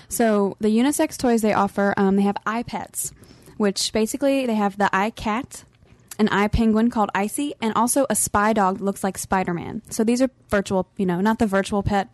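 A woman's voice: medium pitch, darkish tone, no echo. A young woman co-hosting a casual roundtable podcast, laughing often as she presents her store tour segment. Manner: giggly, laughs often between phrases.

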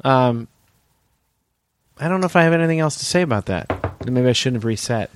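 A man's voice: medium pitch, lively intonation, a little fast, slight background noise. A man co-hosting a comedy podcast, playful in improvised banter and steering the bit back on track. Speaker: podcast co-host.

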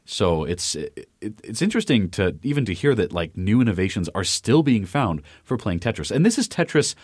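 A man's voice: on the low side, big pitch swings, moderate pace, slightly rough, dry recording, studio quality. A man co-hosting a podcast, chatting casually and rambling with many fillers and restarts. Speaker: podcast co-host. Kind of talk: casual chat.

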